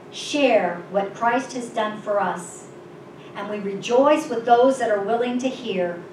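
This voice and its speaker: Woman preaching in an echoey room. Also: mid-range voice. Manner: expressive, emphatic reading. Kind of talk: sermon with story telling. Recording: distant echoey mic with background noise.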